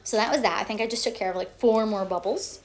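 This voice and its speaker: A woman vlogger telling her own story in casual, animated chat, often checking in with "okay?" and "like". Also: mid-range voice, fast, a little hiss or hum. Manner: animated, acts out quotes, frequent "okay?" and "like".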